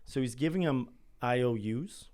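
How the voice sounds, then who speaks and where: A man from Canada tells a story in a relaxed roundtable, quick to laugh at his own punchlines. He talks at an everyday middle pitch, loose and conversational. It sounds like friends swapping stories. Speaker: podcast guest. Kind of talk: casual storytelling among friends.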